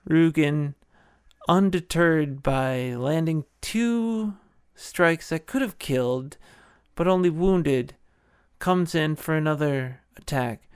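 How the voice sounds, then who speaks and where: A man's voice: a little high, slow pace, clear, resonant tone, no echo, clean studio sound. A man hosting a podcast, retelling a film in a casual, joking, enthusiastic way. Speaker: podcast host.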